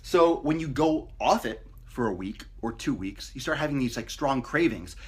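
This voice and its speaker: A man's voice: medium pitch, animated, moderate pace, breathy edge. A man talking casually to camera as a fitness coach, blunt and profane, mocking people with put-on voices. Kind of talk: casual motivational talk to camera.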